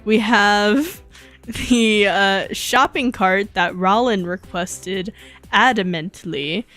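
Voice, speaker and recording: Sleepy, slow-talking playful woman streamer. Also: medium pitch, fairly bright tone, soft background music. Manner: playful, rambling, self-joking. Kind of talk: casual live-stream chat while 3D modeling.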